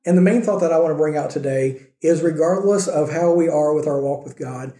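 A man's voice: a little high, fairly quick, dark tone. A man preaching a sermon in a conversational way, acting out the quoted lines as he tells the story. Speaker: pastor. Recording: echoey room.

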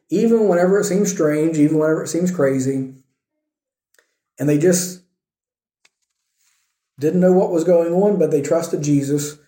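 High-voiced man preaching a sermon. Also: warm tone. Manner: conversational, storytelling, asks the listeners questions. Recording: echoey room.

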